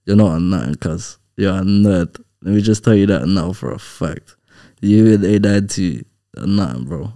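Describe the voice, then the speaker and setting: A man's voice: deep voice, moderate pace, warm tone. A man being interviewed as a guest rapper, talking bluntly in casual chat with heavy street slang. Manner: blunt, street slang, says "bro" and "innit" a lot.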